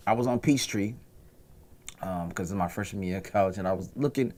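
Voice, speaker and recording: A man's voice: sits low, a little fast, a little mellow. A middle-aged man hosting a radio talk show, telling crude stories in casual comedic banter.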